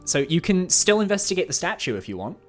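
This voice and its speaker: A man's voice: high voice, big pitch swings, fast talker, faint music behind. Giggly man narrating a text adventure. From Cornwall. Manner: playful, giggles often while narrating. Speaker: host and game narrator. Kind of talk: narrating a choose-your-own-adventure game.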